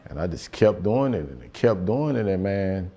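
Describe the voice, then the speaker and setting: Low-voiced man doing profane stand-up. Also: sing-song, moderate pace, warm tone, breathy edge. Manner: loose, profane, conversational slang. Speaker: stand-up comedian. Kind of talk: stand-up storytelling. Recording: live show with audience laughter.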